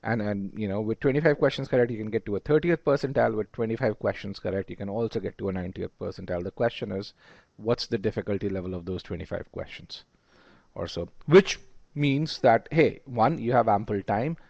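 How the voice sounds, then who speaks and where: A man's voice: fairly low pitch, a little fast, vocal fry, a little mellow, no echo, dull audio. A man teaching test preparation in a webinar, emphatic and repeating words as he thinks aloud. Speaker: test prep instructor. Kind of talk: webinar lecture.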